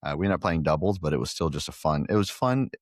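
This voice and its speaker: Deep-voiced man telling stories, dry sound. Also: expressive, quick pace, no room sound. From Guatemala. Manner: jokey, self-deprecating storyteller. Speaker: podcast guest, pickleball club owner. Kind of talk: casual interview chat.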